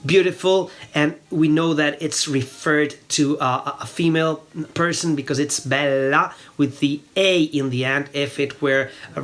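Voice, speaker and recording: A man's voice: fairly high pitch, a bit bright. Italian-accented man teaching pronunciation patiently. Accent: northern Italian. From northern Italy. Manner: patient, repeats words slowly to show pronunciation. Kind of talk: explanatory language lesson.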